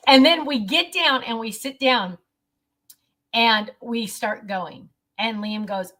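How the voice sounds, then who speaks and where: A middle-aged woman telling a family story in a casual vlog, animated and quick to laugh. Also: a little high. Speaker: vlogger.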